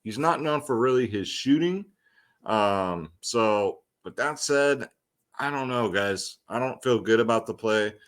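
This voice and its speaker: A man's voice: mid-range voice, animated, measured pace, fairly bright tone. A young man hosting a fantasy sports picks show, talking loosely and slangily with lots of ums and side remarks. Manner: loose, slangy, chatty with many ums and asides. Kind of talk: casual slangy picks breakdown.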